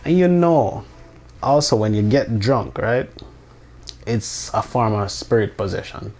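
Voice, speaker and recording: A man's voice: fairly low pitch, animated, unhurried, darkish tone, a little hiss or hum. A man in a casual, rambling monologue who swears, restarts often and drops incredulous asides. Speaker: vlogger.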